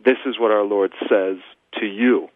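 A man's voice: lowish voice, fairly even intonation, measured pace, no room sound. A man, a Lutheran pastor, speaking as a guest in a radio interview with an emphatic, preaching cadence and rhetorical repetition. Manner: emphatic, repeats phrases for rhetorical build-up. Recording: tinny phone line.

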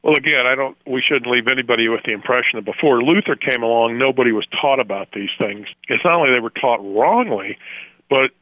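A man's voice: mid-range voice, dry recording. A man from Florida, a guest in a theological radio discussion, speaking emphatically and laughing readily. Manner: emphatic, animated, quick to laugh. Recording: tinny phone line, dry.

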